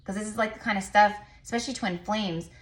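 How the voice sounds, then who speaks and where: With a medium pitch and fairly even intonation, a woman rambles through a casual tarot reading for her viewers. Fillers and restarts come often, and she notes that she's a fast talker.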